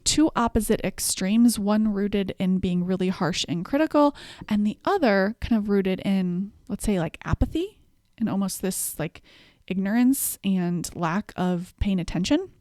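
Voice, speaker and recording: A woman's voice: mid-range voice, lively intonation, measured pace, warm tone, dry recording, clean studio sound. A woman hosting a self-help podcast, walking through numbered tips in an encouraging coaching tone. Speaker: podcast host.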